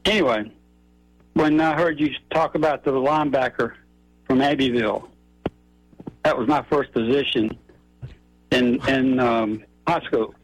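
An older man calling in to a radio show, rambling and halting as he tells his story. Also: mid-range voice, no echo, rough recording. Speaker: radio caller. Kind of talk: casual phone-in chat.

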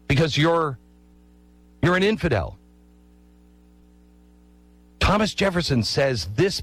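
A man's voice: fairly high pitch, dry recording, low-quality recording. A man telling a history story with emphatic delivery, asking the listener rhetorical questions. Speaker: history speaker.

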